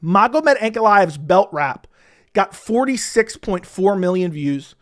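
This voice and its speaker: A man's voice: sits high, lively intonation, a little slow, a bit bright. A man giving heated, opinionated solo commentary on a fight card, ranting about the broadcasters. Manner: heated, ranting, mocks others in whiny voices. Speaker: MMA commentator.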